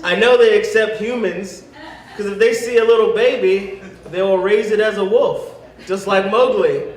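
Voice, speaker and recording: A man performing a stand-up comedy set. He delivers deadpan setups and then acts out other voices with animated energy. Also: sits high, moderate pace. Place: comedy venue stage with audience. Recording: echoey room, mic from a distance.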